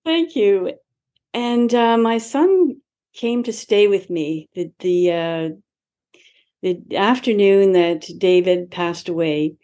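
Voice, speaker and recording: A woman's voice: mid-range voice, slow pace, dark tone. A woman in her seventies, a guest in an interview, telling a personal story in a reflective way, acting out past conversations and laughing lightly now and then. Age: 70s. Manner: reflective, acts out her own past dialogue, laughs lightly between remarks.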